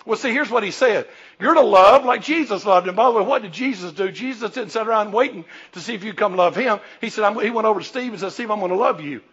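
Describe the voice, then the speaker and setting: A man preaching a sermon in a church, emphatic and rising to shouts while acting out the people he quotes. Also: sits high, fast talker, husky, dull audio. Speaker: pastor. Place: church sanctuary.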